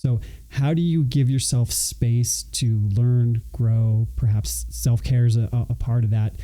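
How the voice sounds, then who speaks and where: A man hosting an interview, asking thoughtful, searching questions in a halting way. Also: mid-range voice, fairly even intonation, dark tone. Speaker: podcast host.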